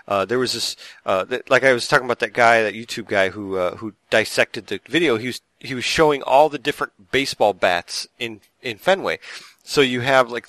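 Relaxed man chatting casually, dry sound. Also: medium pitch, dry recording. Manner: relaxed, hesitant, thinks aloud with fillers. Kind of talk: casual gaming chat.

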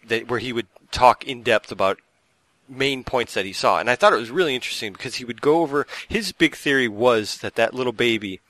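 A relaxed man talking casually about games, with a mid-range voice and many hesitations. The sound is close and dry, with no room echo. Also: medium pitch, fairly quick. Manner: relaxed, hesitant, thinks aloud with fillers. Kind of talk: casual gaming chat.

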